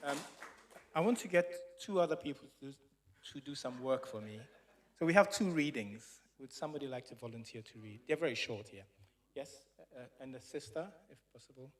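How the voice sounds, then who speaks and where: A man leading a church service who introduces speakers and readers. He talks in a loose, relaxed way, with lots of fillers. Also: mid-range voice, brisk, a little hiss or hum. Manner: relaxed, full of fillers and yeahs. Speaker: service leader. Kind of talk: casual church hosting.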